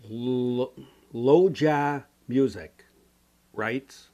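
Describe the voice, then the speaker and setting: A man's voice: mid-range voice, very slow, mellow, dull audio. A man from the Chicago area with a Chicago accent, chatting casually as a painting instructor, rambling and folksy with lots of "you know", while nursing a cold. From Chicago area, USA. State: has a cold. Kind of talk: casual chat answering viewer comments.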